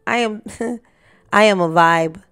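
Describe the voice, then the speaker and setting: A young woman hosting her own podcast, talking straight to the listener in an animated, casual way and now and then singing a line. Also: medium pitch, takes it slowly, smooth, soft background music. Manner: animated, talks to listener directly, sings snippets. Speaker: podcast host. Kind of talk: casual solo podcast talk.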